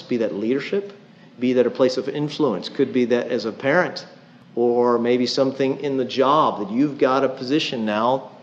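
A middle-aged man preaching a sermon in a conversational way, with dry humor and frequent asides. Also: medium pitch. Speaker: pastor. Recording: dull lo-fi sound.

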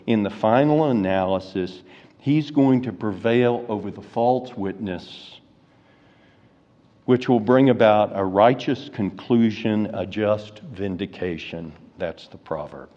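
A man preaching an expository sermon, slow and deliberate, rising to fervent emphasis. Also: lowish voice, mellow. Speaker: pastor. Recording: reverberant hall, dull lo-fi sound.

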